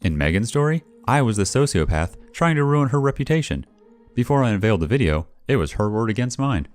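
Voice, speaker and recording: A man reading a first-person story aloud in a wry, expressive way, as the channel's narrator. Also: mid-range voice, fairly quick. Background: faint background music.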